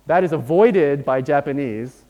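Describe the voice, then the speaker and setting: Expressive and a little slow, a man with a higher-pitched voice lectures at a university, working step by step and often checking in with "right?" The sound is lo-fi, with a long reverb from the lecture hall.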